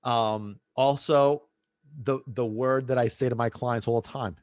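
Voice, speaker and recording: A man's voice: mid-range voice, steady tone, measured pace, darkish tone, no echo. A middle-aged man hosting a podcast, telling a casual story in a rambling way with many restarts and asides. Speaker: podcast host and dog trainer.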